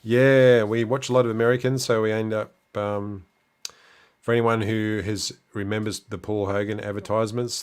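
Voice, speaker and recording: A middle-aged Australian man hosting a livestream, casually chatting and answering viewer comments with relaxed fillers and restarts. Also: fairly low pitch, moderate pace, clear, resonant tone. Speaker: livestream host.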